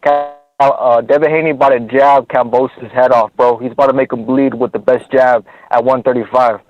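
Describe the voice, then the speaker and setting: Brief: male caller, fired up and profane, mid-pitched, muffled phone line, dry. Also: steady tone, brisk, dry recording. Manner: profane, heated, forceful argument. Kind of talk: heated call-in rant.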